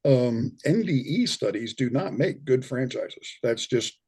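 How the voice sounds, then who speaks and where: A man's voice: mid-range voice, lively intonation, measured pace, a little mellow, husky. A middle-aged man, a guest in an interview, explaining his views in a conversational way with frequent restarts and repeated words. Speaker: guest, near-death experience researcher. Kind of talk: casual interview talk.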